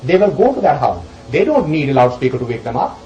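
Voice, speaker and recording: A man teaching a group as he explains scripture verses, animated and emphatic, swinging between loud questions and soft asides. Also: medium pitch, fast talker, reverberant, muffled recording, slight background noise. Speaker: spiritual teacher.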